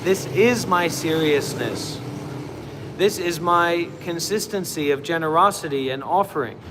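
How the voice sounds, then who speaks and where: A man's voice: on the high side, measured pace, long reverb tail, noisy background. A man who teaches meditation on a livestream and talks in a chatty, rambling way with lots of fillers. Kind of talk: casual livestream talk.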